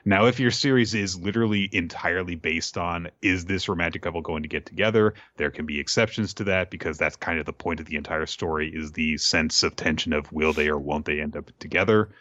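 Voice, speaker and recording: A man's voice: low-pitched, fairly quick, few pauses, fairly bright tone, dull audio. A man co-hosting a podcast, rambling casually with fillers and frequent laughs. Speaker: podcast co-host.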